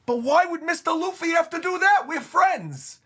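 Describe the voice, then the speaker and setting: A man doing a frantic, high-voiced pirate crewman. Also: animated, moderate pace, bright, forceful tone, full character voice. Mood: pleading. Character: panicked young male pirate crewman.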